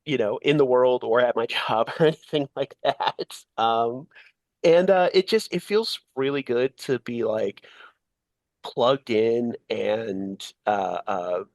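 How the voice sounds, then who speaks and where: A man's voice: medium pitch, no echo. A man co-hosting a comics podcast, talking in a rambling casual way with many fillers and restarts. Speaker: podcast co-host.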